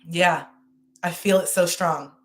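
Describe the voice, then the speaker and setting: A woman's voice: on the low side, fairly even intonation, takes it slowly. A woman hosting a live-stream tarot reading, emotional and effusive, repeating her phrases as she talks to viewers. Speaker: tarot reader and host.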